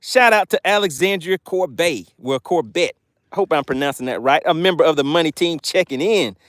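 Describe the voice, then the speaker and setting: A fishing host on a live stream who keeps his voice bouncing all over, up and down, as he reads out the chat. His pitch sits a bit high for a man and the sound is dry and close. He is playful and excitable, outdoors by the water. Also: brisk, dry recording. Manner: playful, excitable, laughs often.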